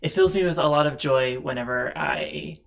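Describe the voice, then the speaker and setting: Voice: medium pitch, moderate pace. A host of a streamed tabletop game show, chatting casually and rambling with frequent laughs, from a home setup with two monitors. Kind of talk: casual chat on a live stream.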